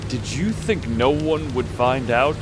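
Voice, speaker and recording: A man's voice: mid-range voice, lively intonation, takes it slowly, music in the background. A man reading the lines of a stern, corrupt male police officer in a cold, threatening way.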